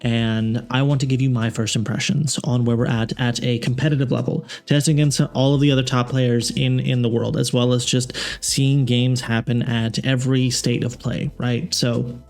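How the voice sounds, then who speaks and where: A man's voice: medium pitch, flat delivery, normal speed, creaky, few pauses, a little mellow. A man hosting a casual tabletop game analysis, rambling and correcting himself as he goes, frank with his opinions. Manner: rambling, self-correcting, filler-heavy. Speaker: tabletop game channel host.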